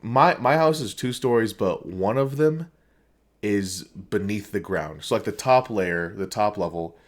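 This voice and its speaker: A man's voice: fairly low pitch, expressive, a little slow. A man co-hosting a casual podcast, telling rambling stories and laughing often. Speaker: podcast co-host. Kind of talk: casual chat.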